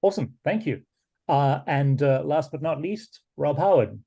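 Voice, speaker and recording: Male host, high-ish and animated, mellow husky tone, quick handoffs. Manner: upbeat, brief handoffs. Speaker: webinar moderator. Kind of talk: hosting a panel.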